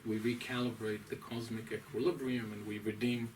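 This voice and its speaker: Man, rabbi, scholarly lecture, deliberate and emphatic, distant mic, faint room noise. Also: fairly low pitch, little pitch movement, darkish tone. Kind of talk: lecture to a small audience.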